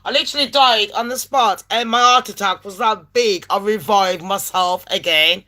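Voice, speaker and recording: A woman in her late thirties from England, telling a story in a brash, sweary and animated way and acting out phone calls in voices. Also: mid-range voice, moderate pace. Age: late 30s. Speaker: vlogger. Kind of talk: casual storytelling rant.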